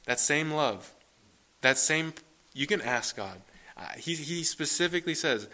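Bright-voiced male preacher. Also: on the high side, moderate pace. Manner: earnest, questioning, builds to excited emphasis. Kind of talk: sermon.

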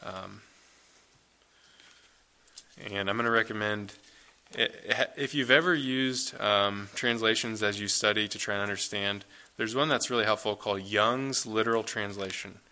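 A man's voice: on the low side, steady tone, moderate pace, sharp tone, smooth. Casual man preaching a sermon. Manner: casual conversational preaching with fillers. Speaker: pastor.

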